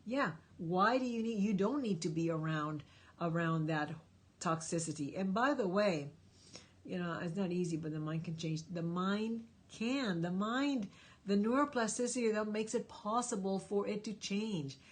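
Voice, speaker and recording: Reading questions from her chat during a live stream Q&A, this woman offers emphatic, encouraging life advice. Her voice is mid-range and husky, and she speaks at a moderate pace.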